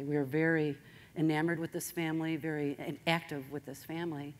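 A woman speaking to an audience in a motivational talk, direct and straight-talking. Her voice sits on the lower side for a woman. She swings between lively emphasis and quiet, serious moments. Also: a little fast.

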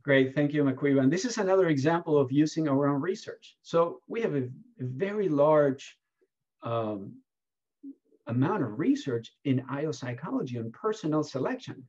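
A husky-voiced man speaks as a keynote award speaker, answering questions with lively, emphatic storytelling. His voice sits in a middle register. The sound is dull and lo-fi, like video call audio. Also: on the high side, normal speed.

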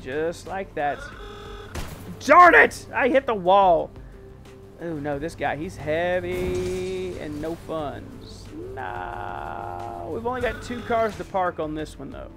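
A man hosting a gaming channel, giving excitable let's-play commentary full of exclamations and mild oaths. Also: a little high, slow, faint music behind.

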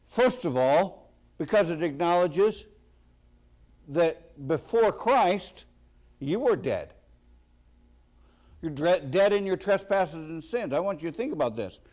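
A man preaching a sermon as a pastor, slow and deliberate with sudden loud emphatic bursts. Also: on the high side, lively intonation.

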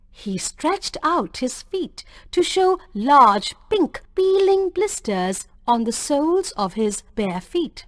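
A woman's voice: high voice, big pitch swings, takes it slowly, few pauses, dry recording, studio quality. A woman teacher reading a textbook story aloud expressively.

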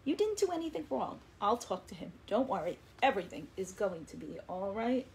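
A woman voicing Red Fin, a kind and patient young male fish who reassures his friends, in a gentle storybook reading. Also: medium pitch, big pitch swings, fairly quick, gravelly, slight background noise. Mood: gentle, coaxing.

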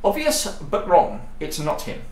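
A man's voice: high voice, sing-song, a little slow, darkish tone. A man playing a sardonic British army captain who talks in a dry, cutting way. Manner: dry, sarcastic. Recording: roomy echo.

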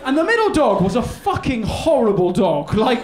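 A man's voice: very high-pitched, sing-song, moderate pace, crowd noise. A man doing live stand-up, telling a rambling story with stammers and restarts. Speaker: stand-up comedian. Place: live comedy venue. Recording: echoey live room with noise.

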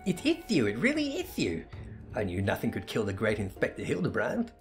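A man's voice: on the low side, wildly swooping pitch, brisk, soft background music. A man voicing a bubbly, trigger-happy young female assistant in a perky, eager, raised voice for a fantasy game read-through.

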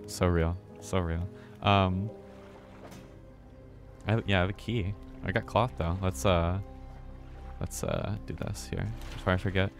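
A male streamer talks through his game in a low, deep voice. He mutters to himself and swears loudly when something startles him. Soft music plays faintly underneath. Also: normal speed, creaky. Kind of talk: live gameplay commentary.

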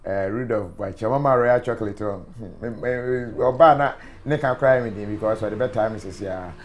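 A man's voice: fairly low pitch, brisk, muffled recording, slight background noise. A man with a Ghanaian accent hosting a live show, reading out viewer comments and mixing in Twi asides. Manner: reads comments aloud, mixes in Twi, chuckles. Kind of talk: casual live-stream chat.

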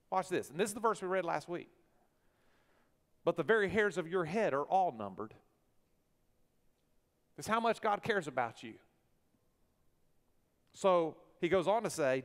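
Animated preacher with hall reverb. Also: male voice, high-pitched, normal speed, pauses often. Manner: animated preacher, swings from soft to loud. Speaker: pastor. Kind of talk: sermon. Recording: long church hall reverb.

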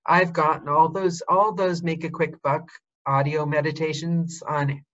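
A woman hosting a casual interview, chatty and enthusiastic, filling pauses with um. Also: low voice, little pitch movement, lo-fi sound, a crowd in the background. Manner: chatty, enthusiastic, quick to laugh, fills with um. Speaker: host.

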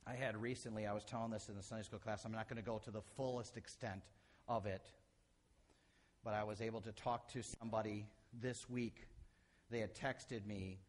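A middle-aged man preaching a sermon as a pastor, animated, acting out quotes and shifting from loud to soft. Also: fairly low pitch, moderate pace.

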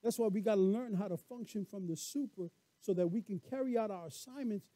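A male pastor delivers a lively sermon and tells stories with acted-out voices. His speaking voice sits very high for a man, and the sound is dry and close with no room echo. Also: a little fast. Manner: animated storyteller, acts out voices, laughs often.

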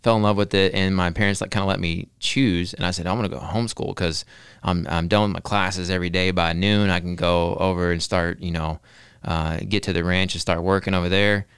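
A man's voice: sits low, fairly even intonation, brisk, fairly bright tone, clear, resonant tone, no room sound, studio quality. A man, talking earnestly as a podcast guest, often repeating words while he thinks and adding "right?". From Texas. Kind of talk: casual podcast interview.

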